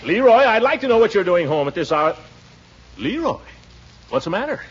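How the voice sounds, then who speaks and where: An actor playing a pompous middle-aged uncle who blusters, chuckles and trots out old sayings, in 1940s radio sitcom style. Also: male voice, high-pitched, sing-song, moderate pace, slightly rough, heavily acted. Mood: blustering. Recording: dull old radio broadcast, faint hiss.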